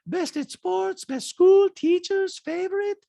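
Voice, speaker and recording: A man's voice: slow, creaky, mellow, no room sound, exaggerated voice. A man mimicking a grand doting rich mother. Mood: airy, doting. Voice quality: high airy exaggerated tone. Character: doting wealthy middle-aged mother, grand.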